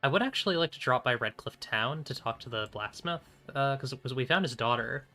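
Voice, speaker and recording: A man giving relaxed, rambling commentary over a game stream. His voice is bright and clear at a middling pitch. He keeps his volume modest and often clears his throat between thoughts. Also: a little fast, soft background music. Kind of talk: casual let's-play commentary.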